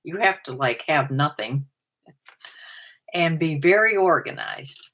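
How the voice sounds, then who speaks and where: At home, an older vlogger who also resells part-time talks casually to camera, running through a numbered list about herself. Her low, slightly bright voice is expressive and measured, and she often laughs at what she says.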